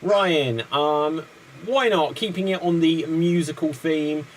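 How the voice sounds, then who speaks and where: A man hosting an online improv show, briskly setting up games. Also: on the high side, a little hiss or hum. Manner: brisk, playful quizmaster. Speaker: improv host.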